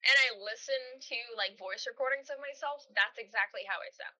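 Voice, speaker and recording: Bright female co-host, dry close mic, playful and chatty. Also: on the high side, dry recording, low-quality recording. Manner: playful, chatty, quick asides. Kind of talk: casual chat.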